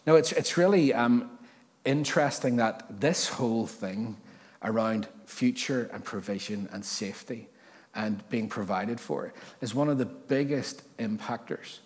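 A male pastor preaching at an ordinary middle pitch, his conversational delivery full of jokey asides and self-corrections. Every line trails off into the long reverb of a church hall. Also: measured pace. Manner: restarts and repeats words while thinking aloud. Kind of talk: sermon.

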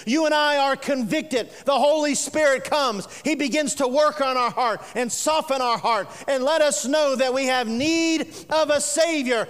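A man preaching a sermon as pastor, dropping to a hush and slowing hard on key words. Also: very high-pitched. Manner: preaching with sudden drops to a hushed voice and slow emphatic stresses. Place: church sanctuary. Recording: long reverb of a church sanctuary.

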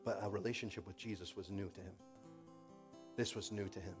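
A man preaching a sermon in an animated storytelling way, acting out quoted voices and swinging from loud bursts to quiet passages. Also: low voice, brisk, soft background music.

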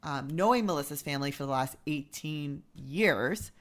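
A woman's voice: deep voice, lively intonation, moderate pace. A woman co-hosting a podcast in casual chat, blunt, swearing freely and laughing often. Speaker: podcast co-host.

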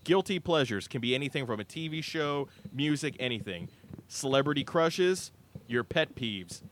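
A man's voice: medium pitch, animated, normal speed, slight background noise. Crude, wisecracking male podcast host. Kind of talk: casual joking chat, running a party game.

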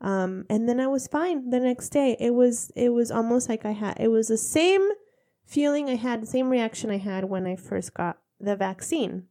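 A woman's voice: a little high, normal speed, mellow. A woman in her thirties, congested, telling stories in a casual chat with frequent laughter. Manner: chatty, laughing storyteller.

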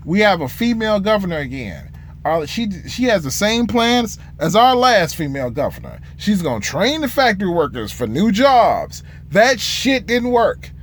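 A young man from Michigan who drives trucks rants to his viewers, cursing freely and breaking into laughter. His voice sits high and swings widely in pitch. A faint hum runs under the recording. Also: sing-song, normal speed. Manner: profane, frustrated, laughing often. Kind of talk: casual rant to camera.

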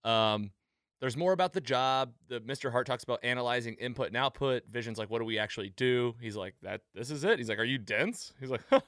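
A man's voice: medium pitch, a little fast, dry recording, studio quality. A man hosting a casual podcast recap, acting out quoted lines as he talks. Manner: animated, acts out quoted lines. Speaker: podcast host.

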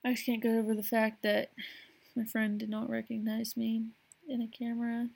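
A woman's voice: on the high side, completely flat delivery, normal speed, creaky, a little mellow, husky. A young adult woman hosting a casual solo podcast, rambling with lots of fillers and frequent laughs. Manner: rambling, frequent "like" and "you know", laughs often. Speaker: podcast host.

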